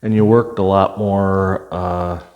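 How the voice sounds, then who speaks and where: The recording is lo-fi, capturing an older former police officer telling stories from his career. He speaks slowly in a low, level voice, plainly, with many fillers and false starts.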